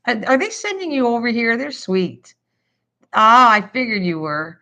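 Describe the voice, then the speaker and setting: A woman's voice: mid-range voice, expressive, moderate pace, fairly bright tone. An older woman hosting a casual live stream. She chats on while writing down a recipe and thanks her viewers over and over. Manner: chatty, thinks aloud while writing, effusively thanks viewers. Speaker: livestream host. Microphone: computer streaming setup.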